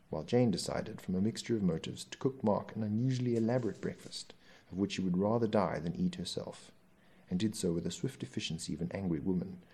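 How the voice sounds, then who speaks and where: Male novel narrator, very low and gravelly, measured reading. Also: mellow. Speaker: audiobook narrator.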